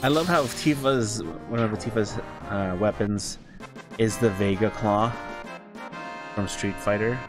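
A man streaming a game live, chatting casually in a rambling, self-correcting way. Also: on the low side. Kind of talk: casual live gaming commentary.

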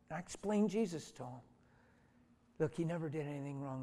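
A middle-aged man preaching a sermon through stories, dropping to hushed tones and then rising to loud, emphatic lines. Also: a little high, brisk. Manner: storytelling, swings from soft and hushed to loud and emphatic. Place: church hall. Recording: reverberant hall.

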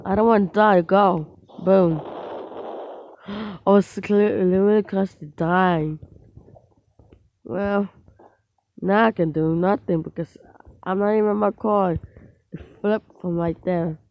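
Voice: mid-range voice, fairly even intonation, slow pace, pauses often, highs cut off. A gamer giving casual let's-play commentary on their own mobile play, rambling to themselves with frequent restarts and small outbursts at the game.

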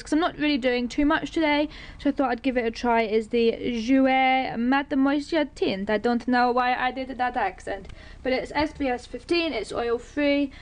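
A young woman from England chats to her camera in a light, slightly high voice. She rambles happily between asides in a relaxed beauty vlog. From Britain. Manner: chatty, rambling, bubbly, quick asides. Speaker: beauty vlogger. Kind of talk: casual vlog chat to camera.

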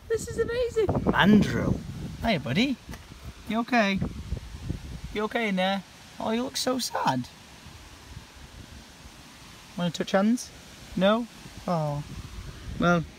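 Excitable man chatting to zoo animals. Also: high voice, unhurried, pauses often. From England. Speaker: vlogger. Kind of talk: casual vlog commentary. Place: outdoor zoo park. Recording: noisy outdoor camera audio.

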